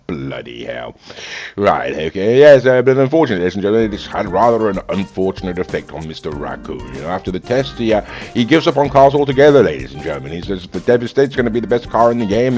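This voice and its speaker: A man giving mock-formal, theatrical gameplay commentary as a car reviewer. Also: deep voice. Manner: theatrical, mock-formal, keeps saying "ladies and gentlemen". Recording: faint music behind.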